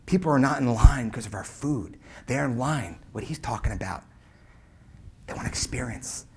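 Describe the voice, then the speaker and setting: A man in his forties telling a customer service story as a keynote speaker, emphatic, swinging between loud punches and hushed asides. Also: mid-range voice, expressive, normal speed, breathy edge.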